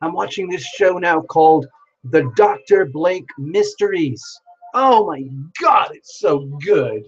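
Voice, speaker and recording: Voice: medium pitch, slow pace, breathy edge, muffled recording. A live-stream host in casual chat, greeting viewers by name with frequent exclamations and scrambling to keep up with the chat. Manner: excitable, many exclamations, reads viewer names aloud while scrambling to keep up. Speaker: livestream host.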